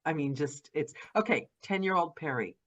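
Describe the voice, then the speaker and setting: A woman hosting an interview podcast, enthusiastic and effusive, asking questions in quick runs. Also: low voice, animated, fairly bright tone. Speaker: podcast host. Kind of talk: casual interview chat.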